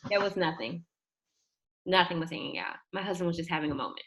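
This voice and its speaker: A young woman telling a personal story in an animated way, acting out the quotes and shrieking at the high points. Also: fast talker. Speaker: guest telling her birth story.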